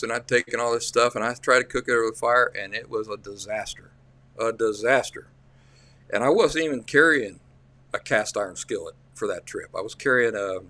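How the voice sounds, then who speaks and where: Appalachian man, livestream host, folksy and rambling, mid-pitched voice, restarts a lot. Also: a bit bright, no echo. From central Appalachia. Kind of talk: casual livestream storytelling.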